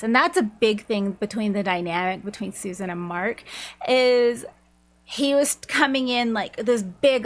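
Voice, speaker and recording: A woman's voice: mid-range voice, normal speed. A woman reviewing a book, chatting casually and rambling through the plot with frequent laughs.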